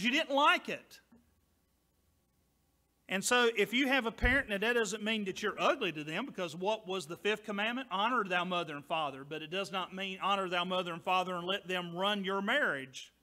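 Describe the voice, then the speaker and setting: A man preaching a sermon as pastor, loud and emphatic, dropping now and then to quieter asides. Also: sits high.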